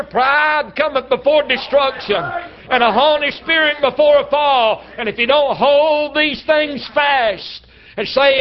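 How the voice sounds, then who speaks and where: Folksy high-voiced preacher man. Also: measured pace. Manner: folksy preacher, acts out dialogue, breaks into shouts. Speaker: traveling preacher. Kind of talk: sermon. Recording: slightly dull lo-fi church recording.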